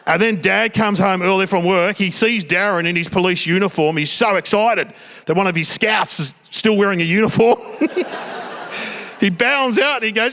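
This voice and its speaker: A middle-aged Australian man does stand-up on a small theatre stage before a live audience, his voice sitting high with a fairly bright tone. He spins chatty, self-mocking anecdotes, tossing in quick voiced asides.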